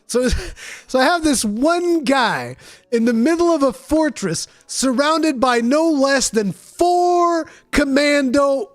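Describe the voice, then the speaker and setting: A man casually chatting on his stream while building models, his voice nasal and stuffy from allergies, telling stories in an animated, swearing way. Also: extremely high pitch, slow pace, no room sound. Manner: animated, profane storytelling.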